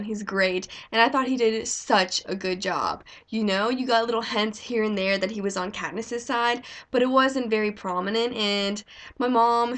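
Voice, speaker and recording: Young woman vlogger, excitable and chatty, gushes freely in casual talk. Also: mid-range voice. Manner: gushing, chatty, lots of "like". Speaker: vlogger reviewing a movie. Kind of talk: casual chat.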